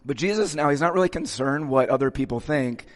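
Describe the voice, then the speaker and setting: A man's voice: mid-range voice, brisk, big-room sound. A male pastor giving a conversational sermon in a church, casually checking in with his listeners as he goes.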